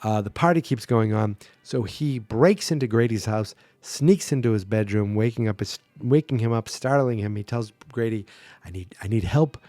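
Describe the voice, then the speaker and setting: A man's voice: lowish voice, moderate pace, hardly any pauses, dark tone, no echo. A man hosting a podcast, casually recapping a movie plot with sarcastic asides. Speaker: podcast host.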